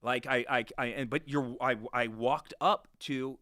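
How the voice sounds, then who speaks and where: A man as an interview guest, telling his story candidly with profanity, swinging between hushed and loud. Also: medium pitch, steady tone, measured pace, no room sound, clean studio sound. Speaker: guest, real estate investor.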